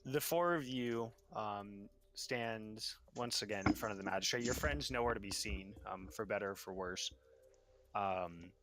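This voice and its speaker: A man narrating as game master for a live tabletop game, relaxed and with frequent ums. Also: on the low side, unhurried, very noisy.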